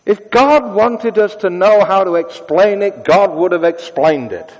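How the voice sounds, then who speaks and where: A man preaching a sermon in a conversational way, moving between brisk asides and hushed, prayerful tones. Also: high voice, lively intonation, long reverb tail, highs cut off.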